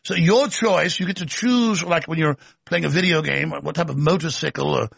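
A man's voice: on the high side, moderate pace, gravelly, fairly bright tone, breathy edge, no echo. A man hosting a political commentary show, delivering a sarcastic, combative rant. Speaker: show host.

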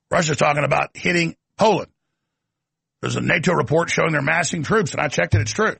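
Male talk show host, gravelly, husky, ranting monologue, sardonic. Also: on the high side, a little fast, a bit bright, no echo. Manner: emphatic, ranting, sardonic asides.

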